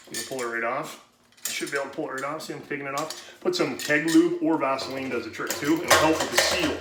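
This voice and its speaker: A man hosting a home brewing video, giving a casual how-to demonstration in a rambling, profane way and talking himself out of breath. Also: mid-range voice. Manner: rambling, profane, self-interrupting. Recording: roomy echoey room, faint noise.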